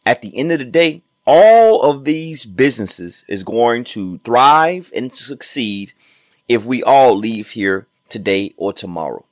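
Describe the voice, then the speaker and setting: A man's voice: mid-range voice, very animated, unhurried, no room sound, clean studio sound. A man hosting his own podcast as a personal trainer, giving an emphatic, repetitive motivational talk full of rhetorical questions.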